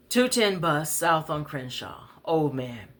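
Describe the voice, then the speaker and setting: A woman's voice: deep voice, a bit bright. A woman poet reading her bus stories aloud, conversational with wry asides. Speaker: poet, storyteller. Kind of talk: spoken-word story reading.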